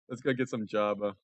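A young man giving casual, excitable commentary over a racing game, joking and giggling as he drives. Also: lowish voice. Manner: excitable, giggly, jokey running chatter. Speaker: gaming YouTuber.

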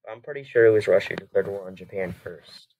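A reaction video host comments casually over a history video in a lowish voice, speaking fast on lo-fi sound. He is hesitant and rambling, with many fillers and frequent self-corrections.

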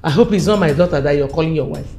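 A woman's voice: low voice, fast talker, vocal fry, dark tone, faint music behind. A Nigerian actress playing an indignant middle-aged mother who scolds her son-in-law and mixes in Igbo words. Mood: outraged. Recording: echoey indoor room.

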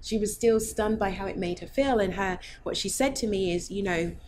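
A woman film director giving a thoughtful junket interview, pausing and restarting her sentences as she works through her thoughts. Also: mid-range voice, darkish tone, a little hiss or hum. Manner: thoughtful, halting, many restarts.

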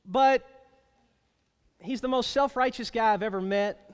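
A man preaching a sermon as pastor, emphatic, slowing down to stretch out key phrases. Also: very high-pitched, smooth. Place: church sanctuary. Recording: long reverb of a church hall.

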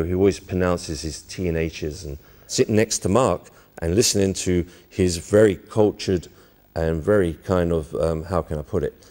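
A man recalling an old acquaintance in an interview, pausing to search for words. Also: low voice, a little mellow. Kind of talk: reminiscing interview.

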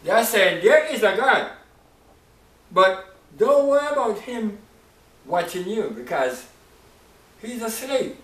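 A man's voice: high-pitched, sing-song, slow pace, long pauses, a bit bright, distant mic. A man teaching from the Bible in a loose, conversational way, often asking "right?" and "you know". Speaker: preacher. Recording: echoey room, voice off-mic.

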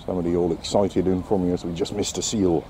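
Walking his dog along a seaside quay, a man delivers casual vlog commentary packed with wry, sarcastic asides. His voice is low, warm and level, he talks fast, and there's slight background noise.

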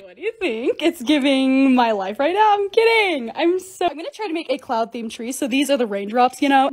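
A young woman narrating a casual home vlog, excitable and gushing, with quick asides to the viewer. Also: sits high. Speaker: vlogger.

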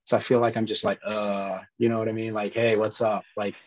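A man's voice: on the low side, little pitch movement, fast, no echo, dull audio. A man who is an actor and former police officer, talking earnestly in a casual interview and rambling with many restarts.

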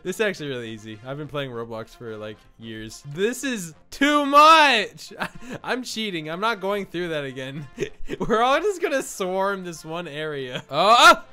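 An excitable man gives gameplay commentary with constant laughter and sudden shouts. His voice sits high and bright and swoops widely up and down. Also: smooth. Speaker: gaming YouTuber.

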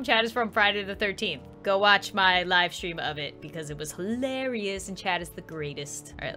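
A young adult woman giving excitable let's-play commentary, quick to laugh and shriek at the screen. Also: mid-range voice. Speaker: gaming YouTuber.

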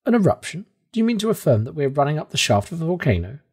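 A man's voice: big pitch swings, rapid-fire, darkish tone, breathy edge, heavily acted. Axel, a man doing a panicked young nephew. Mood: alarmed. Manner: shrill panicked pleading.

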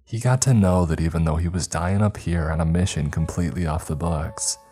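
A man reading the first-person account of a grieving older woman, a former space communications chief, in slow, somber scripted horror narration. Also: deep voice, mellow, slightly rough. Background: faint music.

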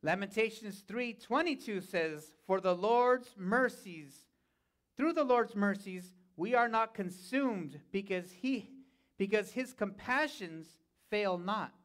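In a church sanctuary, a pastor with a high, fairly bright voice preaches slowly and expressively. He keeps calling out "Amen?" to the congregation as he goes.

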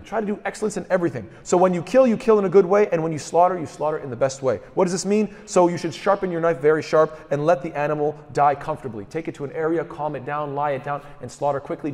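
A man's voice: on the high side, darkish tone, in a large hall. A man delivering a sermon, asking rhetorical questions and quoting scripture in Arabic. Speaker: speaker at a mosque.

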